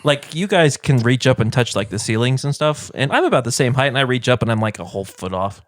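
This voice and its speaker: A man's voice: medium pitch, fast, no room sound. A man co-hosting a casual podcast, telling stories and poking fun at himself. His voice swings up and down a lot as he talks. The recording is dry and close. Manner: animated storyteller, self-deprecating. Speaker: podcast co-host. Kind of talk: casual chat.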